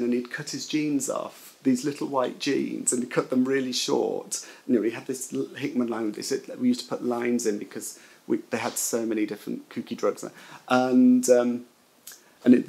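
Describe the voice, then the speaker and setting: A British man telling a personal memory in an animated way, acting out what others said. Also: mid-range voice, vocal fry, poor audio. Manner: animated storytelling, acts out quotes. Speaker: interviewee. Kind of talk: personal recollection.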